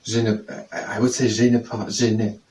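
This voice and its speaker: A man, tutoring by slowly repeating French phrases and testing how they sound, then leading simple wrist exercises. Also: on the low side, little pitch movement, mellow. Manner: slow, repetitive, trying out pronunciations. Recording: distant mic with faint background noise.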